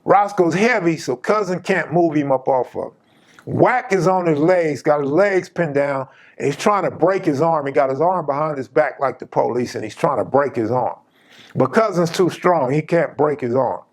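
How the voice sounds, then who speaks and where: A man's voice: a little high, moderate pace. A man hosting his channel, casually telling a personal story in an emphatic, slang-heavy way.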